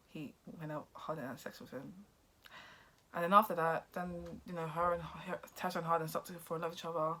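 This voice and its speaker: A woman vlogger casually recapping a movie plot in a rambling way, acting out the characters' lines with excited outbursts. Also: low voice.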